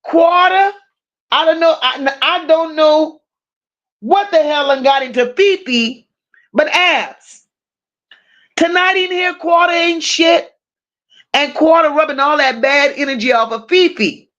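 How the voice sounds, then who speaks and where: A high-voiced woman hosts a loose true-crime livestream, reading out chat comments and firing back at viewers. She talks bluntly and swears freely, teasing regulars with rowdy banter. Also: slow, long pauses, a bit bright, highs cut off.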